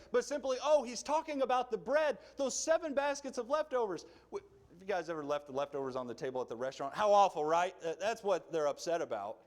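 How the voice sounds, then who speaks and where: Animated male preacher, lively pitch. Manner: animated storytelling, acts out quotes with big pitch jumps. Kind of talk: sermon. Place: church sanctuary.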